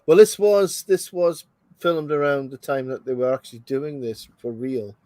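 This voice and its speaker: A man's voice: mid-range voice, moderate pace, warm tone, no room sound. A man hosting a casual movie commentary, thinking aloud with lots of fillers and restarts. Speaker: host.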